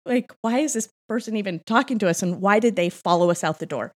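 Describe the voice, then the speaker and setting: Quick-paced and animated, the middle-aged woman has a mid-range, darkish voice. She's a co-pastor and podcast guest sharing a family story in a casual interview at an Austin church, frequently laughing and performing the voices of those she quotes, with a microphone worn on her.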